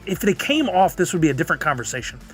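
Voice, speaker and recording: A man's voice: fairly high pitch, big pitch swings, rapid-fire, a bit bright, faint music behind. A man streaming live, chatting casually and answering viewers' comments. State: has the hiccups.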